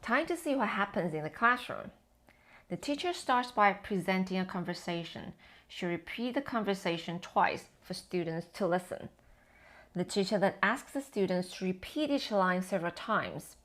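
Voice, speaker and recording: A woman educator giving a scripted lesson on language teaching, with measured, explanatory delivery. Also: medium pitch, lively intonation, fairly bright tone. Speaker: TESOL educator.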